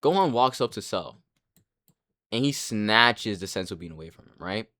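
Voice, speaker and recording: A young man giving casual commentary, rambling and excitable, with frequent restarts and casual swearing. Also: on the low side, moderate pace. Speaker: anime commentary creator.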